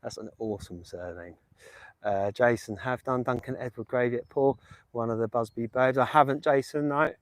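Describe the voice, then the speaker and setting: A man's voice: mid-range voice, normal speed, dry recording. A man from England live-streaming outdoors on his phone, chatting casually with viewers in a rambling, jokey way. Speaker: livestream host visiting graves. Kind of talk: casual live stream chat reading comments. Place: outdoors, windy village. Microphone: phone held in hand.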